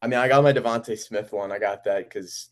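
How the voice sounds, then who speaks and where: A young man co-hosting a podcast over a call, chatting about sports in a relaxed, chatty way. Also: lowish voice, a little fast. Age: young adult. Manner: relaxed, chatty, laughs easily. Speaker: podcast co-host.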